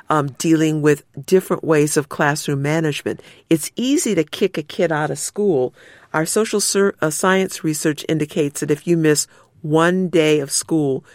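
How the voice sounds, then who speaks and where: A woman who is a civil rights lawyer appears as an interview guest in a candid, conversational exchange. She's an animated storyteller who acts out quotes with big jumps in pitch, and the sound is dry and close.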